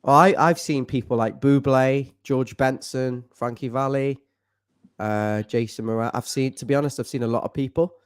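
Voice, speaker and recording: A middle-aged man talks casually and jokes easily, sometimes breaking into falsetto snatches of song. His voice sits at an ordinary middle pitch. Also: fairly even intonation, normal speed, smooth. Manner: jokey, breaks into falsetto singing. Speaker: fan show co-host. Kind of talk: casual chat.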